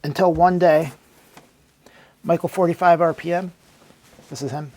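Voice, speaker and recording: A man's voice: fairly high pitch, fairly even intonation, unhurried, darkish tone. A man narrating a comedic, mock-dramatic retelling with sarcastic storytelling.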